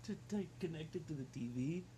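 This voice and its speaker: A man's voice: fairly high pitch, lively intonation, brisk, dark tone, slight background noise. A man co-hosting a podcast, teasing and sarcastic, often talking over the others. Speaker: podcast co-host. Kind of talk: casual profane banter.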